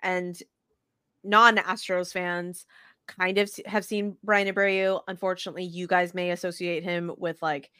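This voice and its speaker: A lower-voiced woman co-hosting a sports podcast, talking in a lively, swearing, self-interrupting way. The sound is dry and close, with no room around her voice. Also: clean tone, no room sound. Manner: animated, profane storytelling with fast restarts. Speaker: podcast co-host. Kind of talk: casual sports chat.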